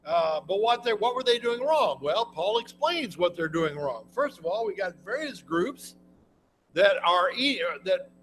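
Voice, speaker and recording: A man's voice: high voice, big pitch swings, a little slow, fairly bright tone, low-quality recording. A man preaching a Bible lesson in a folksy, conversational way, often restarting his sentences. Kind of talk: sermon, Bible class teaching.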